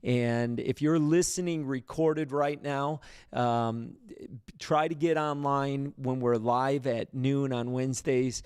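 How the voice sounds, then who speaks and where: A male pastor talks through scripture in a relaxed, conversational way, full of fillers and restarts. His voice sits in a middle register and climbs for emphasis. The sound is dry and close, with no room around it. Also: mid-range voice, slow pace, clear, resonant tone, dry recording. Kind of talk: livestreamed Bible study teaching.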